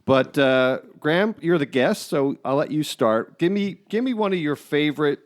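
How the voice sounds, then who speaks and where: A man's voice: a little high, expressive, moderate pace. Casual male podcast host. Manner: loose, unrehearsed, steers the talk.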